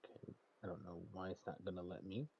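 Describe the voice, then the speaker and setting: A man's voice: low-pitched, steady tone, fast talker, dull audio, slight background noise. A man streaming in casual chat, narrating what he is doing and laughing often between remarks.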